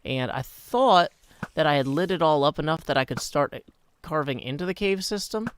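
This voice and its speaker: A man with a hoarse morning voice, rambling and chatty as he streams a game and answers chat mid-thought. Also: fairly high pitch, expressive, moderate pace, dry recording, studio quality. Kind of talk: live-streamed game commentary.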